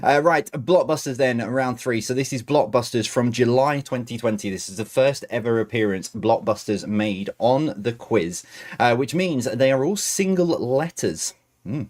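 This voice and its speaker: A man hosting a livestream quiz, reading questions slowly between rambling, chatty asides. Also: medium pitch, animated, a little mellow. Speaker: quiz host.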